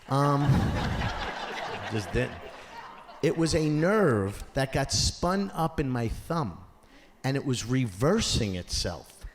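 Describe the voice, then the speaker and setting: Performing stand-up before a live audience in a theater or school auditorium, a man with a fairly high-pitched voice tells stories animatedly and imitates the voices of their characters. The live stage recording has long hall reverb and audience noise.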